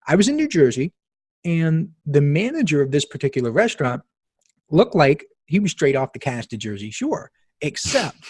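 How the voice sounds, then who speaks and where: Man, podcast host, slightly high voice, husky, dry close sound, chatty and emphatic. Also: darkish tone, no room sound. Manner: chatty, emphatic, storytelling with asides. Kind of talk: casual podcast monologue.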